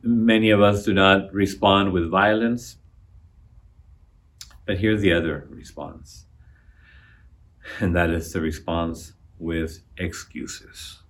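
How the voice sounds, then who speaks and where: A man's voice: fairly even intonation, takes it slowly, long pauses. A man preaching with rising emphasis. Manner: builds to loud emphatic appeals, drops low on key phrases; repeats words and restarts phrases. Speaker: pastor. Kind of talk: sermon.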